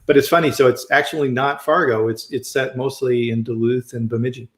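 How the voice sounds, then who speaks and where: A man's voice: mid-range voice, fairly even intonation, fairly quick, a bit bright, roomy sound. A man hosting a casual live-stream chat on a video call, friendly and chatty, often restarting his sentences. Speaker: host.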